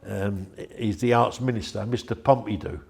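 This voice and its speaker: A man's voice: fairly low pitch, moderate pace, gravelly, a little mellow. An older man, chatty and rambling as he tells anecdotes in an interview. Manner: rambling, chatty, with frequent restarts. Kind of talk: anecdotal storytelling.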